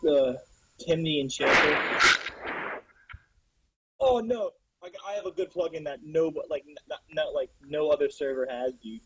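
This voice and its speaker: A man's voice: a little high, normal speed, pauses often, fairly bright tone, slight background noise, poor audio. A man streaming a game, chatting casually and rambling, swearing often, with frequent hiccups. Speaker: server admin streaming gameplay. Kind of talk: casual gaming chat.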